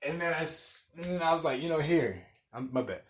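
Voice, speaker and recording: A young man hosting a podcast, telling a story in a loud, animated, profane way, acting out what people said and laughing often. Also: a little high, fairly quick. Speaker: podcast host. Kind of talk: casual storytelling rant.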